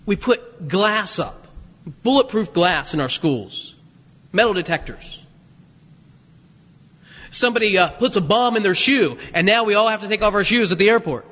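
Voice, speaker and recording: A bright, high-pitched man in his fifties preaching in an animated, joking way. His voice carries a long hall reverb from the church sanctuary around him. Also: moderate pace, pauses often. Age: 50s. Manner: animated, jokey preaching with self-deprecating laughs. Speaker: pastor. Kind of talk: sermon.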